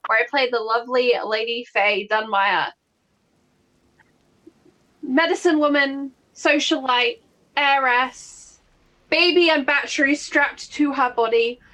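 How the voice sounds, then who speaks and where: A woman tabletop game player chatting in an upbeat, quick way. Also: high-pitched, bright, forceful tone. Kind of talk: casual chat about a tabletop game.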